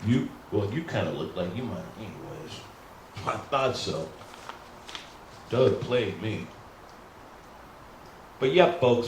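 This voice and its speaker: A man's voice: fairly low pitch, lively intonation, takes it slowly, pauses often. A middle-aged man rehearsing stand-up comedy in a rambling, self-deprecating way, often calling out to the folks. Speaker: new stand-up comic. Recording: roomy echo, faint hum.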